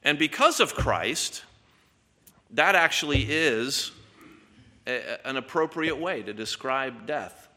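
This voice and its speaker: A man delivers an expository sermon with earnest emphasis, doubling back on words as he presses each point. His voice is bright and sharp, in a hall with a long reverb tail. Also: medium pitch, lively intonation, slow pace, long pauses. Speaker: pastor.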